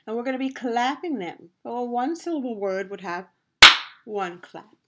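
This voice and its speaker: A woman teaching a video lesson to young children, slow and encouraging, pausing to let them answer. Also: on the high side, expressive, a little mellow. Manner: slow, sing-song, encouraging, with questions and pauses for answers. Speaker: preschool teacher.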